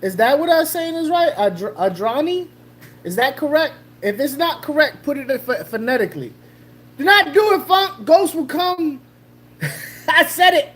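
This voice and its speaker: Lively joking livestream host, woman. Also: high-pitched. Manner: animated, joking, greets chatters by name; slangy, loose, with laughs and restarts. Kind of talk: casual livestream chat.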